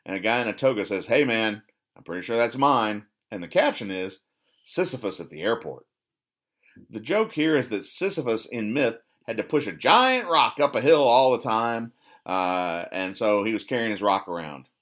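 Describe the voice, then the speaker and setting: A man hosting a podcast, recapping comic strips in a rambling, deadpan way, stumbling and correcting himself as he dryly explains each joke. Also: on the low side, normal speed. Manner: rambling, self-correcting, dry sarcastic explanations. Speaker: podcast host.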